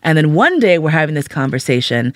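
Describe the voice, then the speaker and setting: A woman's voice: deep voice, big pitch swings, fairly quick, no room sound, studio quality. A woman telling a frank, candid personal story as a monologue, acting out her own thoughts in quoted asides.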